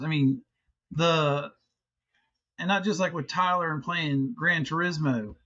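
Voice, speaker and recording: A man's voice: on the high side, fairly bright tone, muffled recording. A middle-aged man co-hosting a podcast in casual chat, rambling and restarting, swearing freely. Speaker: podcast co-host.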